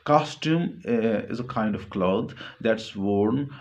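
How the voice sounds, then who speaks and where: A male literature teacher explaining a short story in a classroom lecture, repeating himself, glossing word meanings and filling pauses. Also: on the low side, a little mellow, lo-fi sound. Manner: repetitive, glossing words, many fillers.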